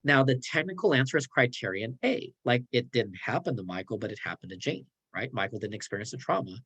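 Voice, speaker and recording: A man's voice: medium pitch, lively intonation, a bit bright, breathy edge, poor audio. A man presenting a clinical training online, sarcastic and acting out short dialogues between colleagues. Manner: sarcastic, role-playing colleagues in quick dialogue.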